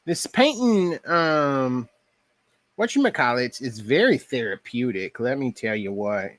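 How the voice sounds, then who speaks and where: A man's voice: mid-range voice, lively intonation, a little slow, a bit bright, no echo. A man with a Texas twang, chatting casually with viewers while painting on a crafts live stream. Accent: Texan.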